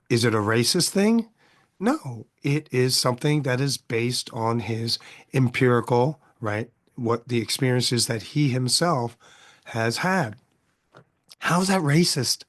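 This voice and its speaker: Man musing aloud in a casual monologue. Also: mid-range voice. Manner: conversational, rhetorical questions, frequent "right?". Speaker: podcast host.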